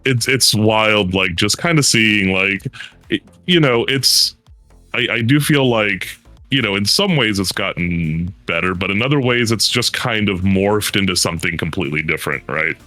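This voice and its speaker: A man's voice: lowish voice, expressive, normal speed, pushed and bright, dry recording, faint music behind. A man in a casual panel chat, rambling with many fillers and now and then mimicking others for laughs. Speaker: panel guest.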